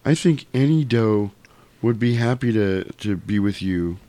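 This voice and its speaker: A man's voice: fairly low pitch, expressive, measured pace, dark tone. A man voicing a sweet young female doe in a cartoon retelling.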